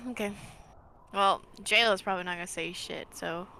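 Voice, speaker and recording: A woman's voice: mid-range voice, normal speed, pushed and bright, slight background noise. A woman playing a tabletop game, talking in a blunt, offhand way. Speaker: player. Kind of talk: casual game table chat.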